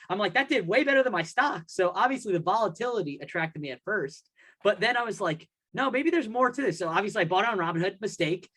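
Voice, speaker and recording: A podcast host with a high, bright, forceful voice tells a long story in a rambling way during a casual chat. He acts out his own thoughts as he goes.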